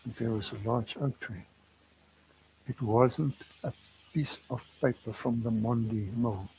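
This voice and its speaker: A man speaks slowly and unhurriedly, at a middle pitch, giving a reflective spiritual talk. He tells a personal story in an earnest, confessional way and chuckles at his own past. A faint hiss sits under his voice. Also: warm tone, rough recording. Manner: earnest, confessional, laughs at himself. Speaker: spiritual teacher.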